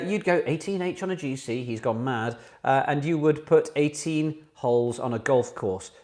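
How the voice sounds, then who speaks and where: A man hosting a casual online pub quiz from home, chatty and self-mocking, with jokey asides between questions. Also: a little high.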